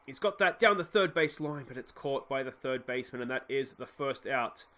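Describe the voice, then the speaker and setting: A man's voice: mid-range voice, expressive, normal speed, sharp tone. An Australian man hosting a let's play, giving casual game commentary with chatty, wry asides to the players.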